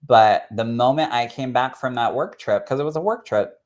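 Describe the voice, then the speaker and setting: A man, a spirit medium, sharing a personal story in an expressive, chatty way that swells with emotion. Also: mid-range voice, moderate pace. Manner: expressive and chatty, full of "like" and "literally".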